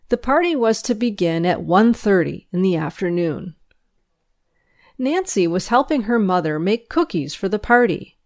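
A woman reads a school paper aloud, its news and its children's stories. Her delivery is unhurried and measured, and her intonation rises and falls in a lively way. Her voice sits at an ordinary middle pitch. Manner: measured, expressive storytelling. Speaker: reader.

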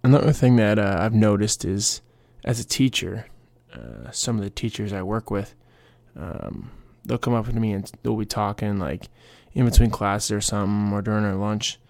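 Young man, podcast host, low gravelly voice, dry close sound, rambling casual storytelling. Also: fairly even intonation, moderate pace, a little mellow, dry recording. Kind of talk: casual solo podcast chat.

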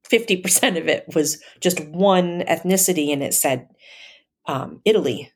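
A woman telling a personal story in a casual, hesitant way, with many fillers and soft laughs. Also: on the low side, normal speed.

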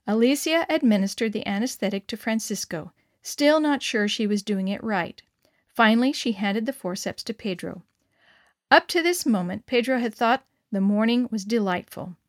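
A woman reads a story aloud, steady and expressive. Her voice sits fairly high. The recording is close and dry, with no room sound. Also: normal speed, no echo. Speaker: narrator.

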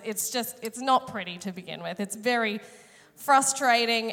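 A woman's voice: mid-range voice, a bit bright. A woman, preaching a sermon through a chatty, self-mocking personal story, her voice a little strained today. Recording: long hall reverb.

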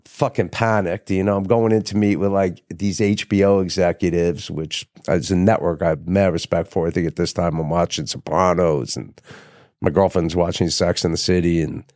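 A middle-aged man tells a rambling story, full of swearing, in a slightly low voice. He slips in and out of other people's voices as he quotes them. The sound is dry and close, with little room echo. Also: steady tone, moderate pace, a little mellow. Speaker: guest, TV writer and producer. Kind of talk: casual storytelling interview.

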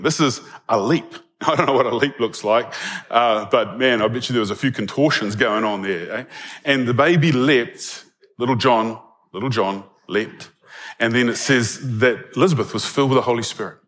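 A man's voice: medium pitch, a bit bright. A man preaching a sermon in a conversational way, often checking in with his listeners and chuckling between points. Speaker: pastor.

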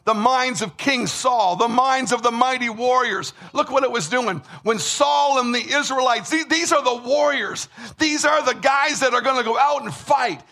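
A man preaching a sermon with emphasis, repeating words and rising to shouts. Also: very high voice, normal speed, hardly any pauses, soft background music. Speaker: pastor.

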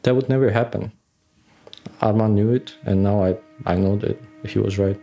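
Low flat-voiced man. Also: creaky, faint music behind. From Nagorno-Karabakh. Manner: halting, with frequent fillers. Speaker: interviewee recounting his war experience. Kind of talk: conversational interview recollection.

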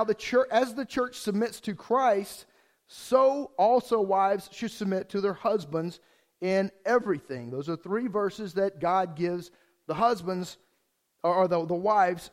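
Lively high-voiced male pastor preaching. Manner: lively, joking and animated preaching with laughs. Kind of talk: sermon.

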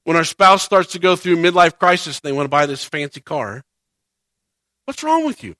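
A man preaching a sermon in a high, bright voice. He talks to the congregation like a friend, acts out their grumbling in quick little voices, then leans hard into his main points. The sound is close and dry, with almost no room around it. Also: no echo. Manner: conversational preaching, rising to emphatic points, acts out quoted voices. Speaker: pastor.

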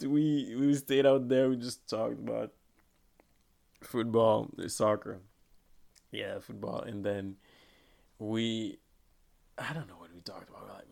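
Gravelly young man rambling casually. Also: mid-range voice, expressive, measured pace, darkish tone. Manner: rambling, laughs often, restarts. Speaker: podcast host. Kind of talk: casual chat.

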